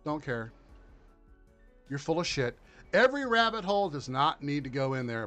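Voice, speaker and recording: A man's voice: on the high side, moderate pace, pauses often, faint music behind. Profane ranting male commentary host. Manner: profane, mocking, animated. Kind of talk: casual political rant.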